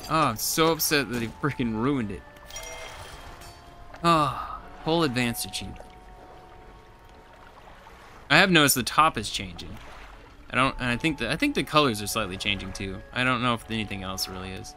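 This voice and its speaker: A man's voice: mid-range voice, normal speed, long pauses, sharp tone, a little hiss or hum. A man giving casual let's play commentary as he plays, chatty and talking to himself, with frustrated outbursts. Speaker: gameplay streamer.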